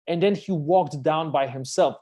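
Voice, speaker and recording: A man telling stories as a guest on a live stream, animated and emphatic, swearing freely as he talks. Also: on the high side, moderate pace. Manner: animated, emphatic storyteller who swears casually. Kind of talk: live-stream conversation, storytelling.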